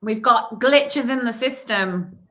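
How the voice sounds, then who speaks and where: A woman's voice: a little high, slow pace, a bit bright, a little hiss or hum. A woman co-hosting a casual livestream, rambling and enthusiastic with many "you know"s. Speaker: co-host of online festival livestream. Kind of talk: casual chat.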